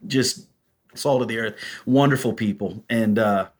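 A man telling stories as a podcast guest, animated and acting out the voices of people he quotes. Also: lowish voice, unhurried. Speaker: guest, prison ministry volunteer. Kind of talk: storytelling in a podcast interview.

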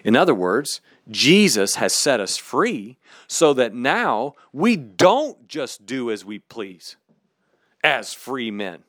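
A man preaching a sermon in an emphatic, candid, animated way. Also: medium pitch, slow, no echo, studio quality.

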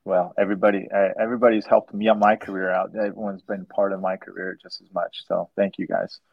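A low, gravelly man rambles through a laid-back podcast chat, doubling back on his words as he goes. The sound is dull and dry, like a lo-fi recording with no room. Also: level tone, fast, no room sound. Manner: rambling, repeats words, laughs easily. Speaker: host and dent repair trainer.

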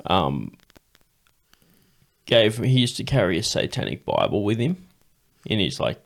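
A man's voice: on the low side, big pitch swings, measured pace, gravelly. Rambling, swearing man. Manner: swears freely, laughs often, rambling storyteller. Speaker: podcast host. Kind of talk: casual chat.

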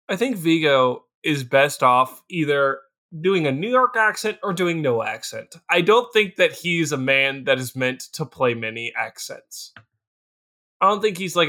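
Animated, lively-voiced young man. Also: a little high. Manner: animated, profane, restarts often, swings into exaggerated quoted voices. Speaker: podcast co-host. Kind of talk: casual movie review chat.

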